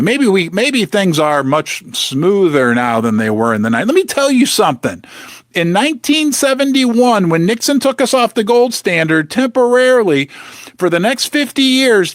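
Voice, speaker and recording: Host, man, high voice, emphatic and chatty, dry close sound. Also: dry recording. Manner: emphatic, rhetorical questions, jokey asides. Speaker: host of a precious metals channel. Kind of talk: animated casual monologue to camera.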